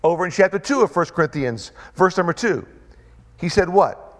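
Preaching in a high-pitched male voice, this pastor drives each point home by repeating it emphatically. Dramatic pauses punctuate the sermon, while his intonation rises and falls in wide, lively swings.

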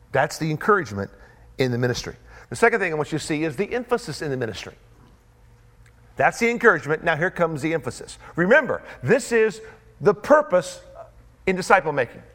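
A male pastor preaching a sermon with an emphatic, repetitive cadence and dramatic pauses. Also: fairly high pitch, a bit bright.

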